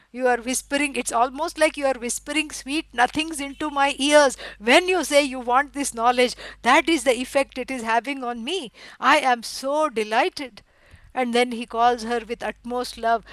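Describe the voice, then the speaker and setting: Woman, middle-aged, high voice, dry close sound, scripture lecture, lots of "you know", emphatic. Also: unhurried, no room sound, low-quality recording. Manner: explanatory, peppered with "you know"; lively, stresses words for emphasis. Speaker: Vedanta teacher.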